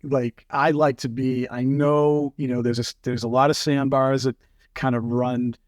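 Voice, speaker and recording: A man telling fishing stories as a podcast guest, in casual chat, animated and full of fillers. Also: mid-range voice, moderate pace, dry recording, clean studio sound. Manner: animated, acts out quotes, many fillers.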